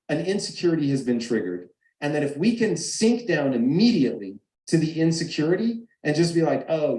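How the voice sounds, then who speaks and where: A man's voice: fairly high pitch, mellow, roomy sound, low-quality recording. A man telling a personal story over a video call, emphatic and acting out the arguments he quotes. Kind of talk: animated storytelling. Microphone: video call mic.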